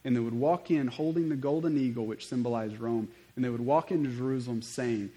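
A male pastor delivers a sermon in an animated, storytelling style. He speaks in a mid-range voice and talks to the congregation with casual asides. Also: mid-range voice, brisk, few pauses, poor audio.

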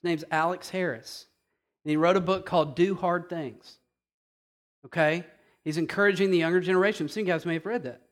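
A man preaching a sermon, animated and emphatic, repeating key phrases and speaking straight to the congregation. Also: high voice, a little fast. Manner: animated, emphatic preaching with repetition and direct address. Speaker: pastor.

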